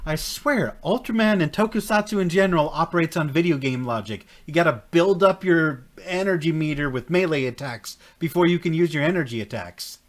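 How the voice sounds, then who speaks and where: A man giving casual reaction commentary on a show, jokey and animated, laughing often and mock-scolding the characters. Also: a little high, fairly quick, hardly any pauses. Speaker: anime and tokusatsu reaction reviewer.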